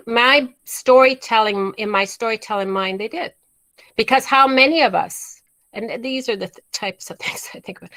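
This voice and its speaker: A woman's voice: medium pitch, fairly bright tone. Emphatic woman teaching storytelling online. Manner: emphatic, slows down on key words, restarts phrases. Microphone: video call.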